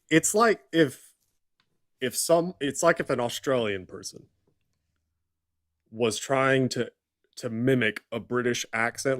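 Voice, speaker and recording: A man's voice: medium pitch, fairly bright tone, no room sound, studio quality. A man co-hosting a live stream, rambling and joking at his own expense. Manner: rambling, self-deprecating. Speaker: stream co-host. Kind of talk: casual live stream chat.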